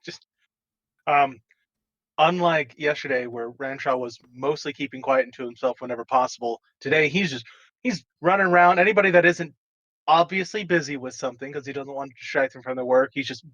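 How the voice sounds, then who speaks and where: A man's voice: mid-range voice, a little fast, a bit bright, no room sound, highs cut off. A man, a player in a tabletop game, chatting casually and laughing often. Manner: laughs often, explains with restarts.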